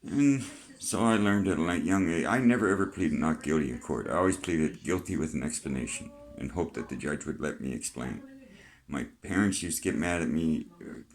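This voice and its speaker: A man's voice: rumbling low, expressive, moderate pace. An older man with a Canadian accent, talking freely in a rambling vlog monologue, chatty and plain-spoken, swearing now and then. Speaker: vlogger.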